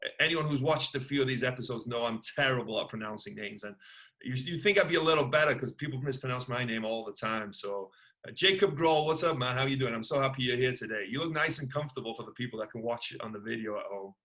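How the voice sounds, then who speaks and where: A man's voice: mid-range voice, quick pace, bright, forceful tone. Man, podcast host, casual interview chat, enthusiastic, middle-aged. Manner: enthusiastic, repeats "that's awesome".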